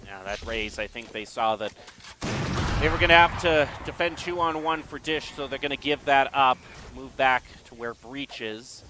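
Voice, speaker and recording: A man casting an esports match with brisk, chatty play-by-play and easy laughter. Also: mid-range voice, background noise. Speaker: esports caster.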